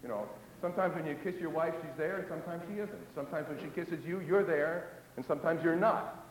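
A man preaching a sermon, swinging between loud emphasis and hushed asides, and acting out the voices of doubters and psalm prayers. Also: on the high side, a little fast, roomy sound, long reverb tail, a little hiss or hum, low-quality recording.

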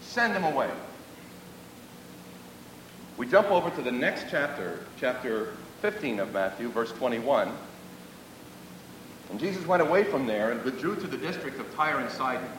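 A man's voice: very animated, moderate pace, fairly bright tone. A man preaching a sermon, earnest and repeating phrases for emphasis. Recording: echoey hall, distant mic, faint rumble.

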